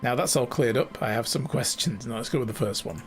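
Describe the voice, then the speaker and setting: A man's voice: mid-range voice, fairly quick, faint music behind. A man streaming a video game, joking around and reading its lines aloud. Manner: animated, jokey, reads game lines aloud. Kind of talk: let's-play commentary.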